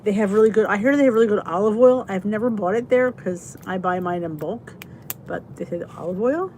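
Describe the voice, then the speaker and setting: Speaking a little fast in a darkish, ordinary mid-range voice, a live stream host chats loosely and breaks off now and then to say hello to viewers. A faint background hum runs underneath.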